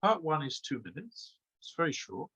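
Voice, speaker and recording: A man's voice: fairly high pitch, sing-song, normal speed, a bit bright, slightly rough, dull audio. A man giving a lecture as an exam trainer, speaking emphatically and asking many rhetorical questions with a frequent "okay?". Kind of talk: webinar lecture.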